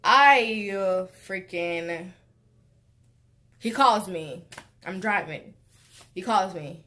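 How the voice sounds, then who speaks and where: A young woman telling a dating story in a blunt, profane vlog rant that keeps jumping to loud, exasperated outbursts. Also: medium pitch, extremely slow, long pauses. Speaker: vlogger.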